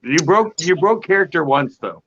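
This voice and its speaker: A man's voice: a little high, lively intonation, moderate pace, crowd noise. Chatty man on dull lo-fi audio. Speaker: panelist. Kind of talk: casual live-stream chat.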